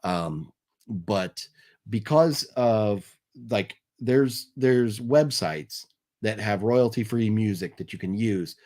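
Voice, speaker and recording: Easygoing man hosting a live stream. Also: lowish voice. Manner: lively, apologetic, chuckling, drawn-out name calls. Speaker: host of a live movie news stream. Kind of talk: casual live-stream giveaway chat.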